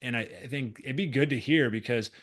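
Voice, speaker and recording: A man hosts a relaxed interview, joking and friendly. He often restarts his sentences mid-thought. His voice sits at a middle pitch. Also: fairly quick. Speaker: podcast host. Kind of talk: casual podcast interview.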